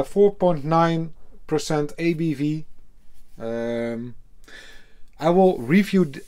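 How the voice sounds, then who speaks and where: A man with a Dutch accent, a native Dutch speaker, chatting casually in an unboxing video, halting often with fillers and cursing offhand. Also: on the high side, warm tone. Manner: hesitant, halting, full of fillers, casually swearing. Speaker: beer reviewer.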